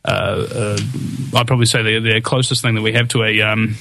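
A man's voice: on the low side, little pitch movement, fairly quick, bright, forceful tone, no room sound. A man hosting a talk radio show, fervent and rallying, with frequent hesitations and restarts. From New Zealand. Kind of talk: impassioned talk radio commentary.

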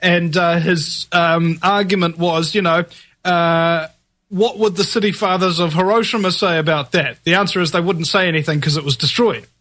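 A male guest in a casual conversation talks in an animated, disbelieving way and rambles through his points with fillers. His voice is high and bright. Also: moderate pace. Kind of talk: casual chat.

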